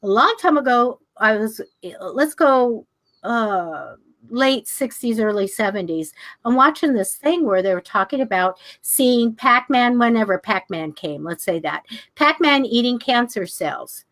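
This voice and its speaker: An older woman leads a casual class, telling personal stories to her listeners. She sounds chatty and animated, and her voice leaps up when she imitates the people in her tale. Her voice sits a little high. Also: measured pace. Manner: animated, acts out quoted people with sharp pitch jumps. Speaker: class teacher on manifesting.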